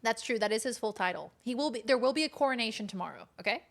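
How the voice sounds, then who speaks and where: A woman's voice: on the high side, animated, fast talker, creaky, fairly bright tone. A woman streaming a game in casual, chatty commentary, now and then cooing baby talk at her kitten.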